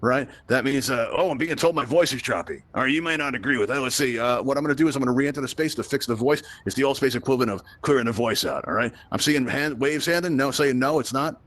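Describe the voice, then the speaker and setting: A man's voice: medium pitch, fast talker, few pauses, fairly bright tone, no room sound. A man from Brooklyn hosting a live virtual reality tutorial. He is chatty and joking, and often checks in with the audience by asking "right?". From Brooklyn, United States. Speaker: virtual reality event host and instructor.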